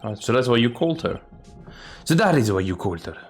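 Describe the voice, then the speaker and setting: A man's voice: mid-range voice, very animated, fast talker, faint music behind, natural voice. A man voicing a young, earnest female defense attorney who asks careful, probing questions.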